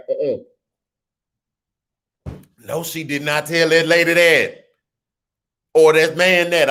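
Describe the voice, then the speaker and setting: A man hosting a casual livestream, reading viewer comments and joking with loud laughter. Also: mid-range voice. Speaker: host of a political livestream.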